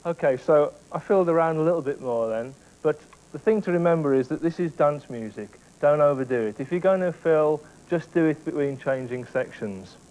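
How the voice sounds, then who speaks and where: A man teaching drum technique step by step, explaining clearly and counting beats aloud. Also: fairly high pitch, brisk, a little mellow, rough recording. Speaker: drum instructor. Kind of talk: instructional explanation with demonstrations.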